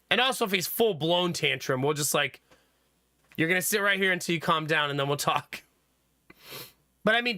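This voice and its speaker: A young streamer dad tells stories to his chat in a high, bright voice. He is animated and laughs often. The sound is dry and close, with no room echo. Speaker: streamer and father. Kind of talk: casual chat with stream viewers.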